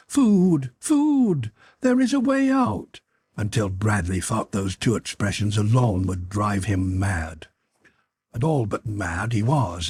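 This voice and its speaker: A man narrating an audiobook with measured, dramatic storytelling. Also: on the low side, a little mellow, slightly rough, no echo.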